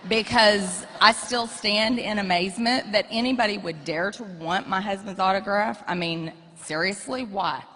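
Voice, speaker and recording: A coach's wife in her forties, appearing as a guest, tells frank, joking stories about her family and husband to an audience in an echoey hall. Her medium-pitched voice is bright and forceful, moving at a moderate pace with hardly any pauses, amid slight background noise.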